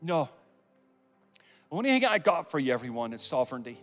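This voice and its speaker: A man preaching a sermon and leading an altar call, swinging from loud calls to hushed near-whispers, with humorous asides. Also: mid-range voice, big pitch swings, brisk, in a large hall, soft background music. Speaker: guest preacher. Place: large church auditorium.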